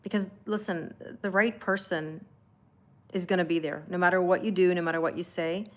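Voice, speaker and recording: A woman's voice: lowish voice, steady tone, moderate pace. Chatty woman giving a live tarot reading. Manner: chatty and reassuring, laughs often, reads out viewer comments. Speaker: tarot reader hosting a livestream.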